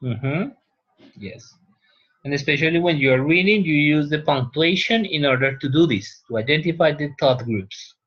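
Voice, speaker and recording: A male teacher whose first language is Spanish, lecturing a class in a classroom and often checking in with "right?". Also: a little high. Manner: unhurried, pauses, checks with "right?". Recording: dull lo-fi classroom recording.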